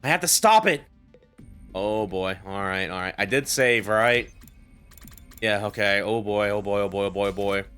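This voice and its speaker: A man's voice: fairly low pitch, moderate pace, fairly bright tone, clear, resonant tone, soft background music. A man streaming a game, muttering anxiously to himself and reading the story aloud. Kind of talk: casual gameplay commentary and read-aloud.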